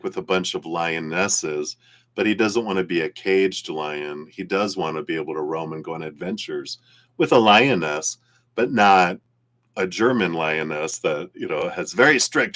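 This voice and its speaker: A man's voice: low-pitched, a bit bright. A man giving a casual live-stream tarot reading, rambling and laughing easily. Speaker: tarot reader.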